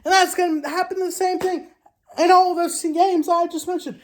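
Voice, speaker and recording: A woman hosting a casual sports commentary vlog. She trash-talks in an animated way, with loud exclamations, rhetorical questions and frequent restarts. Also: extremely high pitch, normal speed. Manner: frequent restarts and self-corrections. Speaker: sports show host.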